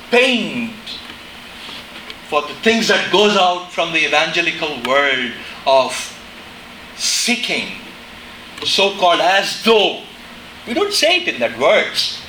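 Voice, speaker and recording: A middle-aged man preaching a sermon in a chapel, impassioned, dropping to a hush and rising to shouts. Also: high voice, echoey room, slight background noise, poor audio. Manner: impassioned, swings between hushed and shouting.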